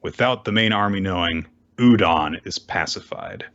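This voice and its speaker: Guy with a lowish voice casually recapping a comic chapter, kinda muffled lo-fi audio. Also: moderate pace. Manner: animated retelling, jumps into character voices for quotes. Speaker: podcast co-host. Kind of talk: casual recap with acted-out lines. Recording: dull lo-fi podcast audio.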